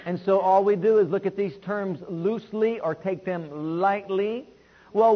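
A high-pitched, husky-voiced man preaching a sermon, leading his congregation in call-and-response. His delivery swings between loud stretches and hushed ones. The recording is dull and lo-fi. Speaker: pastor.

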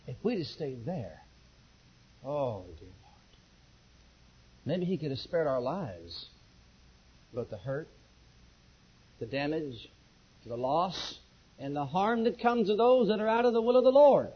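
A male pastor preaches with a high, husky voice that leaps up and down as he tells his own story. He acts out every exchange in the tale with animated emphasis. The recording sounds dull and lo-fi. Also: measured pace, pauses often. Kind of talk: sermon with personal testimony.

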